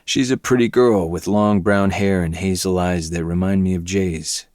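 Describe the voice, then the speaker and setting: A man reading a dark novel aloud in first person, with low, intense, brooding delivery. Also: steady tone, moderate pace, no echo, studio quality. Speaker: podcast host reading a novel.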